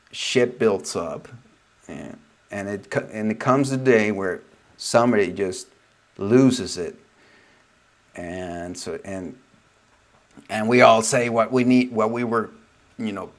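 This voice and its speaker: Low-voiced man in a reflective teaching talk. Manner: reflective, meandering, often trailing off softly. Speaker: spiritual teacher. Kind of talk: casual spoken teaching.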